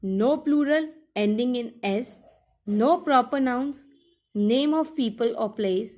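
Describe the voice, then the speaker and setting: A woman teacher talks a class through a workbook lesson, repeating each instruction as she goes. Her fairly high, slightly mellow voice moves slowly, taking time over every step.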